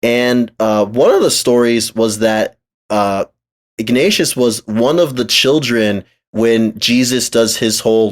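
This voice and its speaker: A man's voice: mid-range voice, takes it slowly. A man co-hosting a podcast, narrating a story and then chatting casually, with plenty of fillers. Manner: relaxed, with frequent fillers and laughter. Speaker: podcast co-host.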